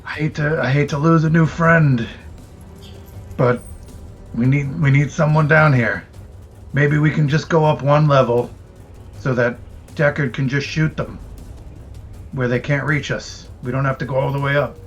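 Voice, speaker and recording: A man's voice: mid-range voice, steady tone, measured pace, long pauses. A man playing a tabletop game who plans aloud in a persuasive way. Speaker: player. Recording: slightly dull sound, faint music behind.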